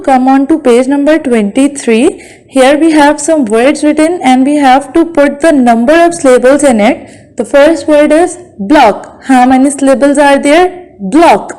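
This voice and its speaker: Woman, Bangladeshi English accent, high-pitched; patient teacher who drills words syllable by syllable. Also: warm tone, rough recording. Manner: slow, carefully sounds out words syllable by syllable. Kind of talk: classroom lesson.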